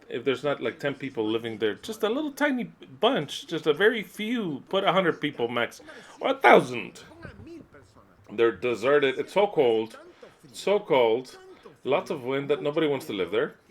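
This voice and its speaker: A man interpreting a sermon aloud, emphatic, dropping to low muttering and then rising to loud outbursts. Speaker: interpreter voicing a preacher.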